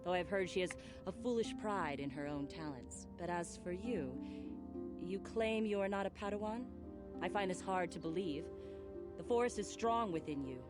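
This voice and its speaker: A man's voice: sits high, normal speed, close to an everyday voice. A man playing a stern young male Jedi student in a game, formal and reproachful. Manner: formal, scolding. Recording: game audio with music.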